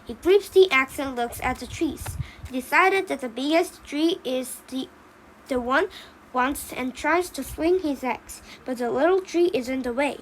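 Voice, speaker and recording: A woman's voice: sits high, a little hiss or hum, poor audio. Woman reading a storybook aloud. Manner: halting reading with small slips and restarts. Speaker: reader.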